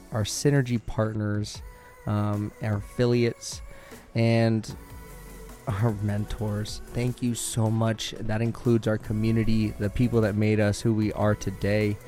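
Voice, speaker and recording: A man's voice: fairly low pitch, level tone, slow, a little mellow, faint music behind. A young man vlogging on his own, upbeat and grateful, rambling with many fillers, speaking very close to a mic in a small room. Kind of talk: casual solo monologue. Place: indoors, small room with a fan nearby. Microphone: studio mic held very close to the mouth.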